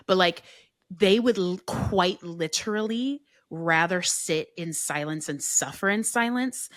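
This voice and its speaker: Podcast guest: woman, low-ish voice, emphatic, heavy on "like", dry close mic. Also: fairly bright tone, dry recording. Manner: emphatic, many "like" fillers. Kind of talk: casual podcast chat.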